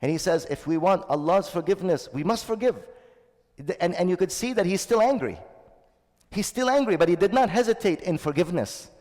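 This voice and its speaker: A man's voice: sits high, lively intonation, a little fast, darkish tone, in a large hall. A man delivering a sermon as a shaykh, earnest and repeating his key phrases, with stretches of Arabic recitation. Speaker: shaykh giving a Ramadan talk.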